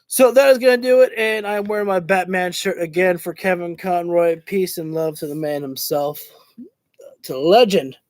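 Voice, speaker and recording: A man with a very high voice calls a wrestling show as he watches it live, loud and excitable, cursing at the cheats and stumbling over his words now and then. The sound is close and dry, with no room around it. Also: moderate pace, dry recording. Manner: excitable, shouts reactions and curses at the action. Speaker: streamer commentating a wrestling show. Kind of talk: live watch-along play-by-play commentary.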